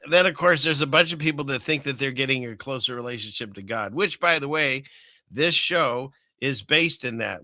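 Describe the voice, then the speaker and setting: A man hosting a casual commentary show who rambles and drops sarcastic asides between chuckles. His voice is bright and forward, recorded dry and close. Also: medium pitch, no echo. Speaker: host.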